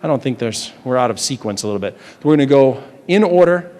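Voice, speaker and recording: A man's voice: mid-range voice, lively intonation, quick pace, a little mellow. A man from New Hampshire working as a stage hypnotist, chatting with volunteers in loose, rambling patter full of restarts, recorded live in a large campus hall. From New Hampshire, USA. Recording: live hall with long reverb.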